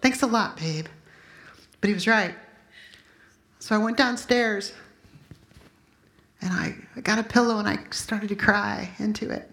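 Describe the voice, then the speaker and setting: A woman in her fifties giving a sermon with personal testimony to a room of listeners, emotional and loudly acting out her own prayers. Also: medium pitch, fairly even intonation, unhurried, vocal fry, pauses often, roomy sound. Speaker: speaker at a Christian gathering.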